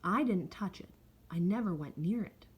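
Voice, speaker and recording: A woman's voice: fairly low pitch, lively intonation, moderate pace, breathy edge. A woman voicing an earnest, insistent little schoolgirl in a storybook reading.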